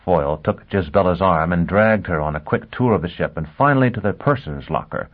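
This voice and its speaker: Male audiobook narrator, measured storytelling, lowish voice, lo-fi phone-line audio. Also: lively intonation. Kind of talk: scripted narration. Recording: tinny phone-like sound.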